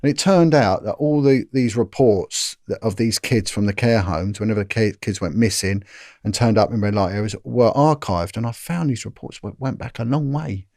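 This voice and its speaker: A middle-aged man, a former police officer, recounting events in an interview in an earnest, grave way, halting often and repeating words as he restarts. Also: fairly low pitch, darkish tone, dry recording, clean studio sound.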